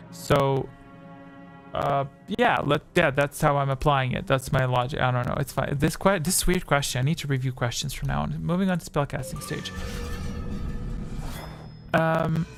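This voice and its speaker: Man rambling through a livestream quiz. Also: on the high side. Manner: rambling, self-correcting, reads chat answers aloud. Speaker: streamer hosting a quiz. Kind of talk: casual livestream quiz chat. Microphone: desk microphone.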